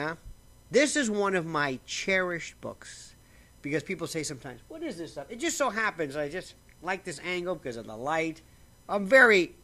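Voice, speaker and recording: A man with a bright, forceful voice that leaps up and down as he talks. He rambles and restarts his sentences in a casual monologue to camera, sipping coffee now and then. It was recorded in a bare-bones home setup, and his voice sits a touch higher than most men's. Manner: rambling and animated, frequent restarts; slurps coffee while talking. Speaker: vlogger.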